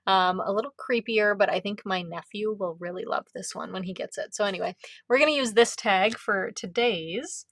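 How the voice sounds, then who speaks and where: Chatty woman craft instructor, mid-pitched voice, dry close sound, upbeat and giggly. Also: normal speed, a bit bright, dry recording. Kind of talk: live card-making class.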